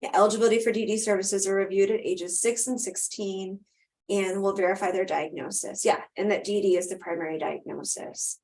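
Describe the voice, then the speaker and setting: A woman's voice: medium pitch, steady tone, brisk, darkish tone. A woman presenting a live webinar over a video call, answering questions and wrapping up in a conversational way with frequent ums.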